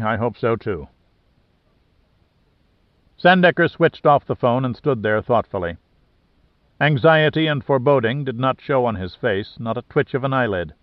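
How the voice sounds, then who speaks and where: A man narrating a thriller audiobook in a steady, even reading manner. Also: medium pitch, no room sound. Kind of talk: scripted narration. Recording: dry, slightly dull lo-fi sound.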